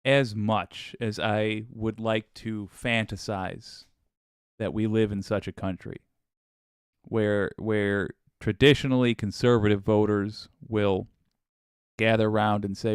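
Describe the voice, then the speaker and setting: A man's voice: lowish voice, fairly even intonation, slow, clear, resonant tone, no room sound, clean studio sound. A man hosting a political podcast, talking casually with wry asides and frequent restarts. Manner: chatty, wry, with laughs and restarts. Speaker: podcast host.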